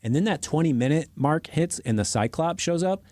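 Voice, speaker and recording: A man co-hosting a podcast, chatting casually about movies in an animated, joking, self-mocking way. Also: on the high side, moderate pace, no echo, clean studio sound. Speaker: podcast co-host. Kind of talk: casual movie review chat.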